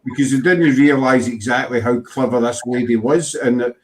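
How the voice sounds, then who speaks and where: A man's voice: mid-range voice, normal speed. A man with a Glaswegian accent hosting a casual chat, rambling and restarting his sentences. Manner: rambling, full of fillers and restarts. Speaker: host.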